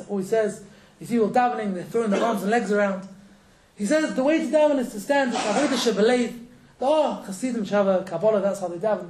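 A man teaches a religious class at a brisk clip, with jokes and a chuckle between points. His voice sits unusually high. The room is echoey. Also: darkish tone. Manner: quick, joking, laughs between points. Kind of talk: casual Torah lesson.

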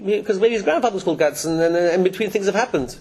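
A man giving a religious lecture to a live class, animated and chuckling, often restarting his sentences. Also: high voice, racing. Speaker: religious teacher. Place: classroom with listeners.

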